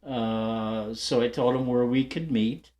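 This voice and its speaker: An older man at a middle pitch chats to his viewers like an old friend. His story wanders, with fillers and restarts, and he often breaks into light laughs as he goes. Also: steady tone, takes it slowly, darkish tone. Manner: rambling, chatty, lots of fillers and restarts. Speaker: guitar channel host.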